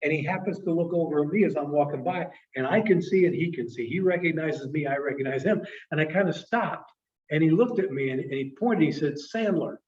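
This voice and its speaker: A man telling a personal story to an audience in a presentation, halting and repeating words, acting out the people he quotes, emotional at times. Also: fairly high pitch, darkish tone. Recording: distant, dull lo-fi sound.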